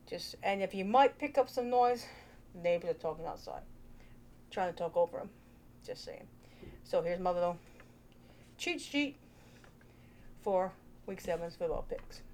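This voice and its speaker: A woman's voice: fairly low pitch, expressive, measured pace, long pauses, a little mellow, slight background noise. A woman hosting a casual vlog, chatty and playful, thinking aloud into her own microphone. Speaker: vlogger host.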